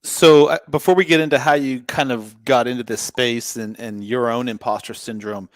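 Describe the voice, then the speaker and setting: A man's voice: mid-range voice, fairly even intonation, moderate pace, no room sound. A male podcast host who fires off curious questions to his guest. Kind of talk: conversational interview.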